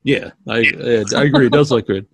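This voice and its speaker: A man hosting an interview, asking halting questions with restarts. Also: medium pitch, gravelly, husky, dry recording. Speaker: interview host. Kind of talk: casual interview chat.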